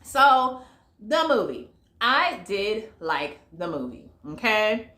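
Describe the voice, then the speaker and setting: An American woman with a medium-pitched, sing-song, sharp voice speaks slowly in a roomy-sounding space. Her casual vlog movie review is chatty and packed with fillers, and she addresses her viewers directly as "y'all."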